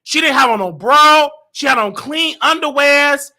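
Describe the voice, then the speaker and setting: A man hosting a comedy show, ranting in a loud, animated way and often breaking into shouts. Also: extremely high pitch, measured pace. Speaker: show host. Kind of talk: comedic rant.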